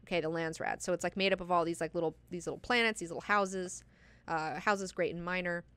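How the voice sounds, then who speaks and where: Bright-voiced chatty woman hosting a book club. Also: on the low side, fairly even intonation, fast, clean tone, dry recording. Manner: chatty, profane, enthusiastic, many likes and fillers. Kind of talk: casual book discussion lesson.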